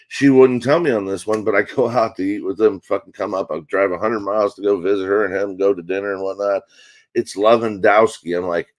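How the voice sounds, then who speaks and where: Middle-aged male comic guest, lowish voice, deadpan and foul-mouthed, spins a long family anecdote. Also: moderate pace. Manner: deadpan, swears freely, acts out quotes. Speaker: comedian guest. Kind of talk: profane storytelling.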